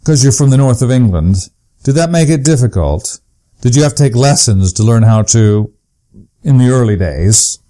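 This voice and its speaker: A man's voice: medium pitch, expressive, moderate pace, mellow. A man interviewing a guest, asking friendly, inquisitive questions.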